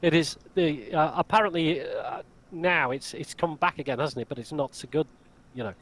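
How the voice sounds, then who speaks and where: Higher-voiced man in his forties, chatty. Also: moderate pace. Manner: chatty, animated storytelling. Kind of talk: casual chat.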